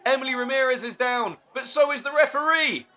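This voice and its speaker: A man calling a wrestling match play by play, excitable and shouting at the big moves. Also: very high-pitched, fairly quick. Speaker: wrestling commentator. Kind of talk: play-by-play commentary.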